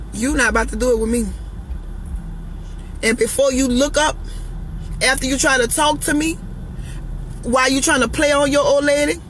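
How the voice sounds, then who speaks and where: A woman's voice: sits high, a bit bright, slight background noise, poor audio. A woman speaking her mind in a casual monologue, blunt and sassy, hammering her points by repeating them. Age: adult, parent of children. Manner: emphatic, preachy, repeating lines for effect. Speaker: vlogger giving relationship opinions.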